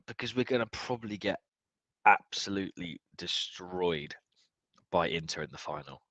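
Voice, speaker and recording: Young football fan streamer, a bit drunk, sweary and animated, sharp tone. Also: male voice, low voice, normal speed, dry recording. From United Kingdom. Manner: excitable, sweary, swings from muttering to yelling. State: tipsy. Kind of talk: live match watchalong reaction.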